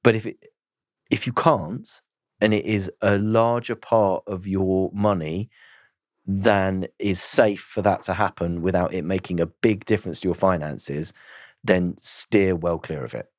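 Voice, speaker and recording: A man gives a measured wrap-up of advice, pausing on fillers as he goes. His voice sits low. The sound is dry and close to the mic. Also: fairly even intonation, no room sound. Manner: measured, hesitant, many fillers. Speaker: podcast co-host. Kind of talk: summing up advice.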